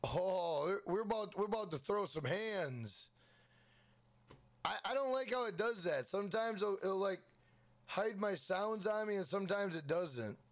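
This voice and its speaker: A man hosting a gaming livestream, giving hyped, rapid shout-outs to his chat. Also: high voice, lively intonation.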